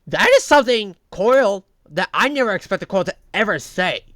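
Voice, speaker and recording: Bright-voiced man halting through a reaction vlog. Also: sits high, lively intonation, dry recording, clean studio sound. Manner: halting, repeats himself and restarts. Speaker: reaction video host.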